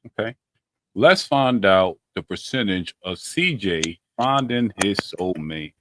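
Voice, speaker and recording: This man's voice is low-pitched and fairly bright, animated but slow-paced, with no echo. As a podcast host, he leads friends through a playful dating quiz on a video call, teasing them and slipping into loose slang during the casual group chat.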